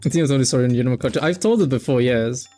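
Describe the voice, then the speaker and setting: A man in the middle of a game stream, spinning a personal story as he plays. He rambles and cuts himself off, at a middling pitch, with faint game music underneath. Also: racing. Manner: rambling, self-interrupting, animated retelling. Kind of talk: casual storytelling while gaming.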